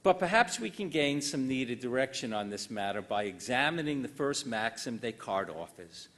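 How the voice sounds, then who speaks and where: In a lecture hall, an older male lecturer from the United States speaks in a formal, measured way, his pitch animated and his humor dry.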